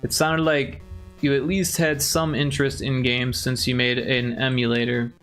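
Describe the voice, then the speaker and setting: A man's voice: medium pitch, level tone, normal speed, fairly bright tone, soft background music. Profane, joking man on a livestream. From Chicago area, USA. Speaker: livestream host. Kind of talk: casual stream chat.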